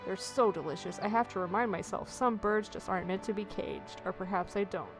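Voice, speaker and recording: A woman's voice: mid-range voice, brisk, music in the background, lightly acted. A woman reading aloud the lines of an eccentric male rancher in a game who dotes on his animals. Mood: doting. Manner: reads the lines aloud in a plain, lightly amused voice.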